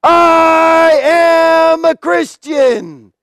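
Man voicing a defiant condemned believer, high slow shout, dry close sound. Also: dry recording, heavily acted. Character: defiant early Christian man facing execution.

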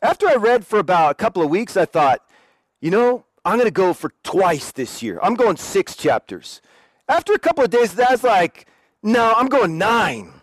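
A young man from Oregon telling his personal faith testimony in a lively, self-deprecating way, acting out quotes as he goes. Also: high voice, moderate pace, no echo. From Oregon, USA.

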